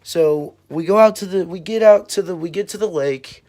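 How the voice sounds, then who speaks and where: A man's voice: sits high, normal speed, a little mellow. A young man telling stories casually to his channel, laid-back and swearing freely, laughing now and then. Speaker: vlogger. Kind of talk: casual storytelling.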